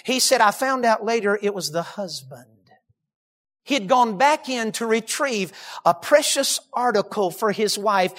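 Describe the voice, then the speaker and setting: A man preaching a sermon, telling a story dramatically and dropping to hushed tones, addressing the congregation directly. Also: very high-pitched.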